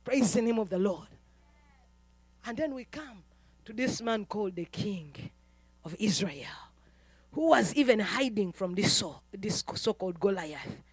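A woman preacher from Uganda, giving a fervent sermon that swings between quiet talk and shouting. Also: mid-range voice, animated, measured pace, long pauses, slightly rough, no room sound.

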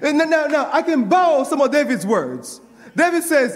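High-voiced preacher in a reverberant hall. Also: male voice, normal speed. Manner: call-and-response preaching, repeats phrases, grows excited. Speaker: pastor. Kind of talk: sermon.

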